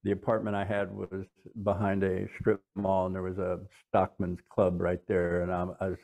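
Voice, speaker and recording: A middle-aged man tells a personal story on a podcast. His voice is low and warm, and it climbs sharply whenever he relives the heated moments. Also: normal speed. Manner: animated retelling, voice rising when reliving the argument. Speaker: podcast co-host.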